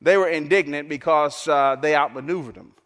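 A man with a high voice preaches to a congregation, pressing his points by repeating them. He rises to loud, lifted lines and drops to near-whispers. The sound carries the long ring of a large hall. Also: fairly quick. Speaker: pastor. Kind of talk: sermon.

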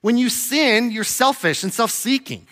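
A young adult male pastor preaching a sermon in a conversational, animated way, acting out quoted voices. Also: very high-pitched, measured pace.

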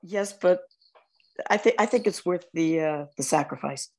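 A woman's voice: fairly low pitch, moderate pace. A woman co-hosting a casual family podcast with her son, rambling and wandering off topic. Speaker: co-host, mother.

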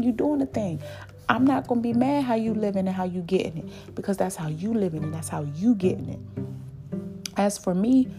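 A woman hosting a solo podcast, giving her candid opinion in an emphatic way and repeating points for stress. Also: medium pitch. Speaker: podcast host. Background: guitar music.

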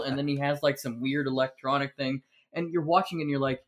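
A man on a casual podcast, telling stories in an animated way and acting out what others said. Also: on the high side, fairly quick, few pauses. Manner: animated storyteller, acts out quotes. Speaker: podcast guest.

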